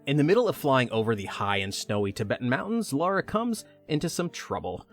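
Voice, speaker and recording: A male podcast host reads a retelling of a video game's plot. His voice sits at an ordinary pitch, and he drops in joking asides. Faint music plays behind him. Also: very animated, a little fast. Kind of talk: retelling a video game story.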